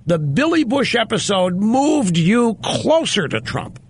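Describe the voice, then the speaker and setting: A man's voice: sits high, big pitch swings, a little slow, slight background noise. A man hosting a call-in radio talk show, emphatic and incredulous as he talks with callers. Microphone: studio microphone.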